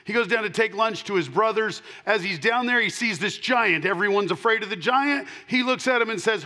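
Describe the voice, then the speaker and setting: Emphatic preaching man, fairly high voice. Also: brisk, few pauses. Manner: emphatic, swinging between loud punches and quiet asides; repeats key lines for emphasis. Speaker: pastor. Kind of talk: sermon.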